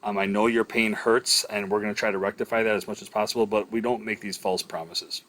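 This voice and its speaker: Man, middle-aged, lowish voice, casual classroom lecture, lots of ums and uhs, EMS instructor. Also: steady tone, a little fast, fairly bright tone.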